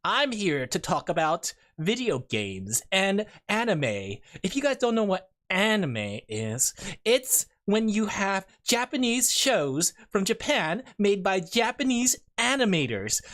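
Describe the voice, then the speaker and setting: A man putting on the voice of a pompous, self-important comic book nerd who speaks slowly and formally. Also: sits high, big pitch swings, a bit bright, heavily acted.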